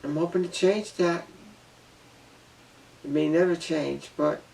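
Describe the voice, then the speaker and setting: A man's voice: on the high side, fairly even intonation, slow pace, creaky, darkish tone. A man giving an earnest, emotional personal monologue as a vlogger, often repeating himself and apologizing. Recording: voice distant from the mic.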